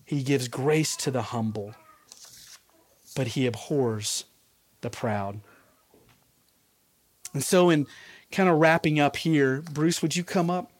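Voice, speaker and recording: A man's voice: mid-range voice, takes it slowly, pauses often, no room sound. A man giving a conversational sermon as a pastor, laughing at his own asides.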